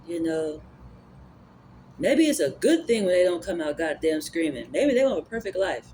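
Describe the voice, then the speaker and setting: With a sing-song lilt, a medium-pitched, slightly mellow voice speaks a little fast as a spiritual vlogger thinks aloud; slight hiss or hum is present. The musing on energy and spirituality is rambling and casual, full of fillers and restarts.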